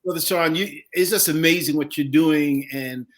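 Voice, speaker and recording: A man's voice: fairly high pitch, normal speed. A man co-hosting a podcast, affirming the guest and praising his work in an encouraging way. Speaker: podcast co-host. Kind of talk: casual podcast conversation.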